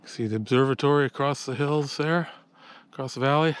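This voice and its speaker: Out of breath while hiking uphill on an outdoor trail, a man chats casually to the camera for his hiking vlog, partly talking to himself. His mid-range voice is clean and a little fast.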